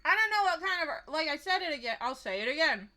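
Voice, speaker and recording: Woman gaming streamer, bright, higher voice, sarcastic and swears, snacking. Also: sing-song, fast. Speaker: livestreamer. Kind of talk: gameplay livestream commentary.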